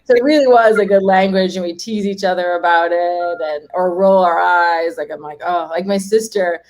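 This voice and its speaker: A woman's voice: on the low side, moderate pace, darkish tone. A woman guest chatting in an interview, talking freely, laughing often and acting out what people said. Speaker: home organizing guest. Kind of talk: casual interview chat.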